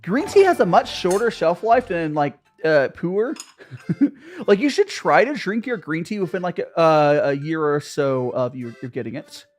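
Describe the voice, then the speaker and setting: A woman streamer chatting casually with her viewers, bubbly and quick to laugh. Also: on the low side, big pitch swings, a little mellow.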